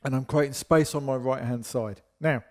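A man's voice: medium pitch, fairly even intonation, normal speed. A man teaching a partner dance, explaining steps and counting beats in a chatty, self-deprecating way while losing his voice.

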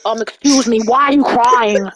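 A woman gamer chatting live while playing with a friend, swearing and yelling at other players. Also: on the high side, moderate pace, a crowd in the background. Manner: profane, excitable, shouts and swears at other players.

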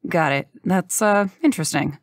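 A woman's voice: fairly low pitch, normal speed, no room sound, close to an everyday voice. Woman voicing a smug college guy. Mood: patronizing.

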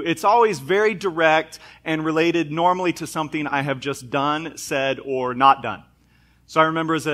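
Bright-voiced man in his thirties preaching. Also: fairly high pitch. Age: 30s. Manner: conversational, self-deprecating storytelling with scripture reading. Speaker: pastor. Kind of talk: sermon. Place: church sanctuary.

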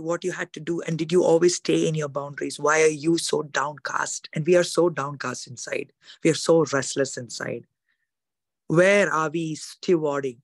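A woman preaching a fast, emphatic sermon at a women's conference. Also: low-pitched, no room sound, clean studio sound. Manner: fast, emphatic, acts out quoted voices.

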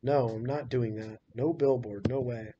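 A man's voice: mid-range voice, steady tone, normal speed, dark tone, a little hiss or hum, natural voice. A man voicing a weary, cautious father who speaks in a dry, skeptical way, in a dull lo-fi recording.

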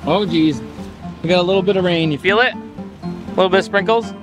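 Sitting high and moving a little fast, this man's voice leads a jokey, enthusiastic boat vlog for his channel. Background music runs under his casual chat.

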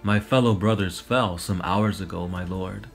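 A man with a low voice reading a weary, dutiful armored soldier who speaks tersely and raspily. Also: fairly even intonation, normal speed, faint music behind. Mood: humble. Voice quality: raspy.

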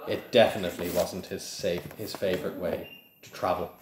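A man with a low voice reads a novel aloud in a plain, steady way. He now and then trips over a word and restarts. The room adds a noticeable echo. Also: normal speed, background noise. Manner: plain, steady reading with small slips. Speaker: reader of a book to listeners. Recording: echoey room.

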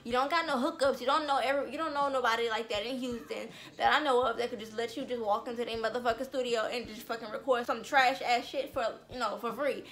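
A young woman telling a storytime vlog, animated and blunt, swearing freely. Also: a little high, fast talker, hardly any pauses. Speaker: vlogger.

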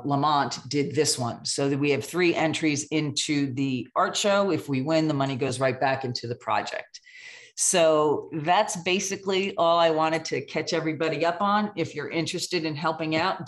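A speaker with a mid-range voice shares a volunteer project update on an online call. The delivery is friendly, with small, slightly hesitant pauses. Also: medium pitch. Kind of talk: casual meeting update.

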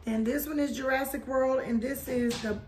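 A woman's voice: sits high, fairly even intonation, normal speed, a little mellow, slight background noise. Chatty woman showing toys. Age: adult. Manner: chatty, addresses viewers as y'all, hums theme tunes. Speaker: haul video host. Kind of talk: casual haul vlog.

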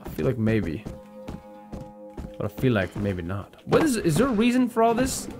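A man playing a horror game on video, swearing a lot and reacting to every scare with sudden yelps and shouts. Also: wildly swooping pitch, moderate pace. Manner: profane and jumpy, with sudden high yelps. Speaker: gaming video host. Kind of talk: let's-play commentary. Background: horror game music.

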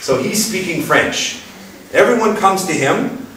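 A man giving a playful, lively lecture to an audience, asking them questions and putting on voices. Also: sits high, measured pace. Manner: animated, playful, puts on voices and asks the crowd questions. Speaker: speaker giving a talk. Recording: echoey room from far off with faint noise.

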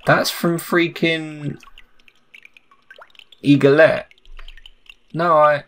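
A man's voice: on the low side, lively intonation, measured pace, vocal fry, pauses often, fairly bright tone, slightly rough. A young man doing let's play commentary on a game, asking puzzled running questions and reading the characters' lines aloud. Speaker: gaming YouTuber.

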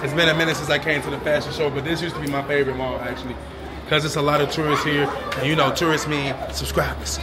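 Loud playful man filming a mall vlog. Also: on the high side, steady tone, fast talker. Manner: loud, playful, slangy, hypes up the kids. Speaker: vlogger and dad. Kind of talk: casual vlog chat. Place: indoors, busy shopping mall. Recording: noisy crowded mall audio. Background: crowd chatter and noise.

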